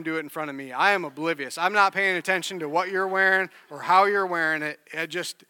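Male pastor, conversational sermon, earnest storyteller, bright tone, dry close mic. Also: high-pitched, clear, resonant tone, no echo.

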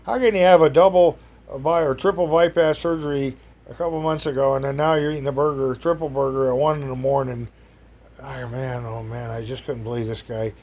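For an audience, a man with a steady, somewhat mellow mid-range voice tells a rambling personal story at a fairly quick pace, chatty and meandering, with exclamations and chuckles along the way.

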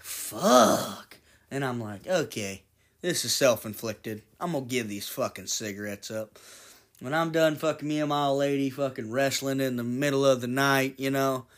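Casting: man in his twenties, podcast host, solo rambling monologue, profane and jokey, mid-pitched voice. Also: a bit bright. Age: 20s. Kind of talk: casual monologue.

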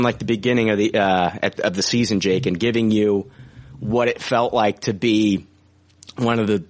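A man in his forties hosting a podcast in casual chat, rambling with many fillers and frequent swearing. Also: lowish voice. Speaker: podcast host.

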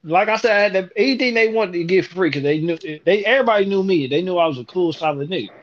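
A man telling a profane story in casual talk, animated and acting out the dialogue. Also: sits high, fast, lo-fi sound.

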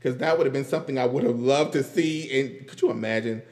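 A man giving loose, casual commentary as a vlogger, animated, laughing often and rambling into asides. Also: medium pitch, fast talker, big-room sound. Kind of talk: casual pop-culture commentary.

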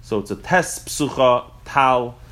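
A man's voice: mid-range voice, slow pace, a bit bright, a little hiss or hum. Man teaching a live religious class. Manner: thinks aloud, with frequent restarts and filler. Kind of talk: live explanatory lesson to a group.

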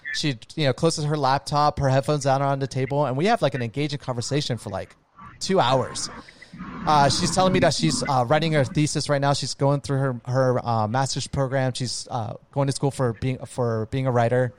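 A man's voice: medium pitch, normal speed. A man telling a long story in casual chat, rambling with lots of "like" and "dude" and casual swearing.

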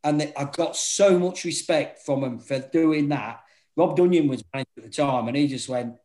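A man's voice: mid-range voice, a little fast, rough recording. A man, a former football manager, telling stories in casual chat, swearing and acting out quotes. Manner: swearing, animated, acts out quotes.

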